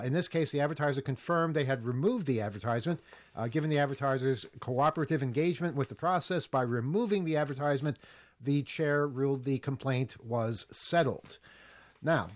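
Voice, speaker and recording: A man hosting a casual panel chat, reading a news item aloud with many fillers and wry asides. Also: mid-range voice. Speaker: host.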